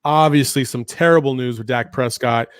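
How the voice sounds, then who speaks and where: A man's voice: medium pitch, moderate pace, smooth, dry recording, clean studio sound. Laid-back man hosting a podcast. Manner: teasing, laid-back, frequent fillers. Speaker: podcast host. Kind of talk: casual sports chat.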